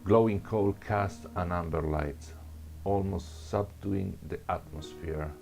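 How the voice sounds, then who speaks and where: A man's voice: low voice, takes it slowly, vocal fry, a little mellow, faint music behind. A man with another first language reading a second-person adventure story aloud, stumbling and restarting words. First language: not English. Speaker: narrator.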